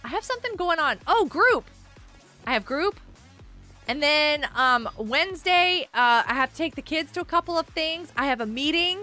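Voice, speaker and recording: A woman live-streams a game, her high, bright, clear voice jumping all over the place at a moderate pace. She chats casually, reads chat messages aloud and breaks into excitable outbursts, with faint music in the background.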